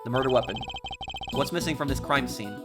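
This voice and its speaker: A man voicing a composed, stern male prosecutor who speaks in a measured, formal way, over game music. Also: natural voice. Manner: measured, formal, lower and quieter. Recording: game music playing underneath.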